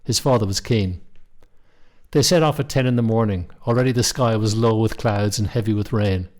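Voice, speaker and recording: A middle-aged man, reading a short story aloud in a calm, measured way. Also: lowish voice. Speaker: narrator.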